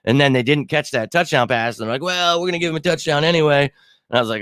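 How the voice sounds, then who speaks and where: Excitable man in his thirties hosting a sports stream. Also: mid-range voice, fast talker, no echo, clean studio sound. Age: 30s. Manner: excitable, swears freely, many fillers. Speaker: sports show host. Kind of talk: casual live-stream chat.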